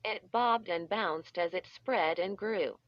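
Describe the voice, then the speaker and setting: A woman reading a children's story aloud in a deliberate way, stretching out the sound effects, with dull, slightly muffled audio. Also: on the low side. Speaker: audiobook reader. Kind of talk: scripted storybook narration.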